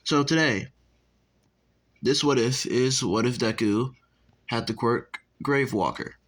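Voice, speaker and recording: A man's voice: medium pitch, takes it slowly, fairly bright tone, rough recording. A young man casually improvising a fan story, rambling, cursing and breaking off to talk to his viewers. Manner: rambling and profane, with asides to viewers.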